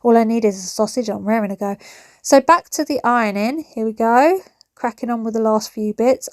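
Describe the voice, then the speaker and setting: A woman's voice: fairly high pitch, normal speed, no echo, studio quality. A woman, chatting her way through housework in a home vlog, ranting and joking about her day in a family kitchen. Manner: chatty, ranting, self-mocking. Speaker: vlogger. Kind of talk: chatty cleaning vlog narration.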